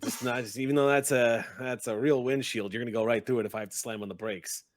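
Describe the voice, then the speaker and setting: A man narrating a tabletop game as game master, in a relaxed, loose way. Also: medium pitch, fast, no room sound, studio quality.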